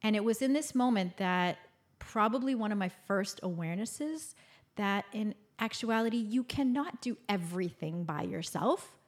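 Podcast host, woman, 50s, expressive personal storyteller who moves between hushed and bright. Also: medium pitch, moderate pace. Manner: expressive, swings from loud and bright to hushed and soft.

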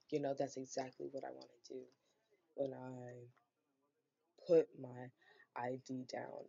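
A woman of twenty, hosting her own podcast, telling stories in a casual, animated way, swearing freely and saying "like" a lot. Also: very deep voice, muffled recording. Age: 20s. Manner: animated, swearing, storytelling with filler "like". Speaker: podcast host. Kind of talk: casual solo podcast monologue.

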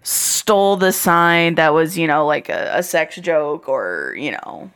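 Slow, lively-pitched American woman host. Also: smooth. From United States. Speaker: podcast host. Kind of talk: casual chat. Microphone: remote call mic.

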